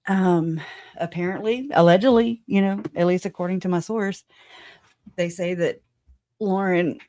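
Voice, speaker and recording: A woman's voice: lowish voice, darkish tone, dry recording, studio quality. A woman hosting a livestream in casual chat, rambling, laughing often and swearing casually. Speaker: livestream host.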